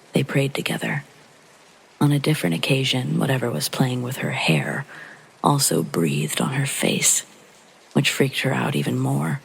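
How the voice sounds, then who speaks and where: A man narrating a true horror story in a hushed, breathy storytelling manner. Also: mid-range voice, low-quality recording. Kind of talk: scripted narration.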